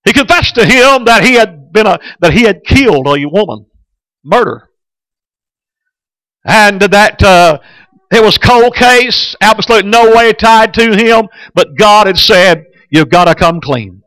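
A man's voice: sits high, animated, unhurried, pushed and bright, dry recording, low-quality recording. A man preaching a sermon as a pastor, telling stories in a folksy way and often hesitating. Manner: folksy storytelling with frequent hesitations.

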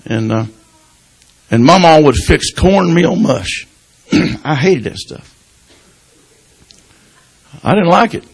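A man preaching an informal sermon, folksy and personal, punctuating his stories with hallelujahs and dropping to a hushed voice at times. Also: on the high side, lively intonation, slow, long pauses, rough recording. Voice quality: gravelly, husky. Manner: folksy, breaks in with hallelujahs, swings from loud to hushed.

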